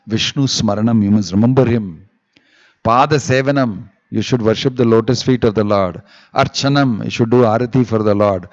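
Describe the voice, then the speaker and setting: A man, giving a deliberate sermon as a visiting swami and reciting Sanskrit verses. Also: mid-range voice, a little mellow. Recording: dull echoey hall recording.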